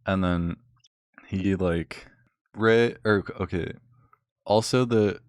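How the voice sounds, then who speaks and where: A young man rants about a film in a loose, rambling way, with a sarcastic edge and constant fillers. His voice is very low. The sound is close and dry, with no room echo. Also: slow. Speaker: vlogger. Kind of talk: casual rant recapping a film.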